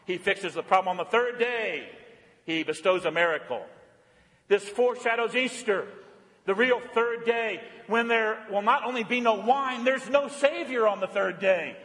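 A man preaching a sermon as pastor, swinging from lively and playful to hushed and earnest. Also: high-pitched, normal speed, in a large hall. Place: church.

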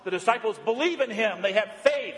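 High-voiced pastor preaching in a reverberant church. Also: male voice, brisk. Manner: swings from lively and playful to hushed and earnest. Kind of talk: sermon.

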